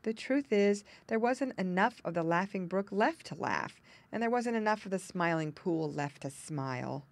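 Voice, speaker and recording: Woman reading a kids' story, lowish voice, very lively, dry close sound. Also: moderate pace, creaky, few pauses. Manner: expressive, storytelling emphasis. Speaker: audiobook narrator. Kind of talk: children's storybook narration.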